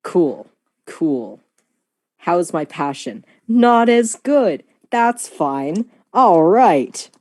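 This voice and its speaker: A woman's voice: fairly low pitch, very animated, extremely slow, darkish tone, no echo. A woman playing a tabletop game, talking hesitantly with many fillers and laughing often. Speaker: player. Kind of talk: casual tabletop play.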